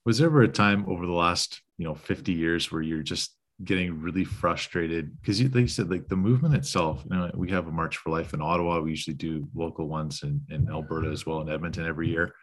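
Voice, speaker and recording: A man with a very deep voice hosts a casual interview. He winds through long, rambling questions, often circling back before getting to the point. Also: fast talker, few pauses. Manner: rambling, many fillers and restarts. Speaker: podcast host.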